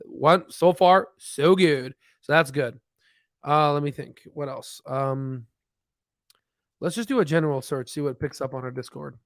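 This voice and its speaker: A man's voice: fairly high pitch, measured pace, no room sound, studio quality. Rambling man hosting a stock livestream. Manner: rambling, filler-heavy, thinks aloud with restarts. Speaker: stock market livestream host. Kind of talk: casual live chat while reading charts.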